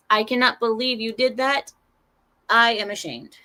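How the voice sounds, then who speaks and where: A woman of Arab heritage giving casual news commentary, sarcastic and animated, with rambling restarts. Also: fairly high pitch, unhurried. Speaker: commentary channel host.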